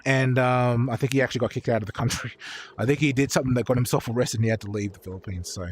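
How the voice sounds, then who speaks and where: A man's voice: mid-range voice, steady tone, rapid-fire, slight background noise. Man chatting casually on stream. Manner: rambling, swears freely, many fillers and restarts. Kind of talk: casual livestream chat. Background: faint background beats.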